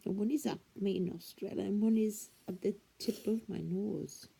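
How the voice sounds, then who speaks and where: A woman bickering in an improvised comedy sketch, deadpan and quibbling, repeating her words, recorded on a tablet camera. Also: mid-range voice, normal speed, creaky, slightly rough, poor audio.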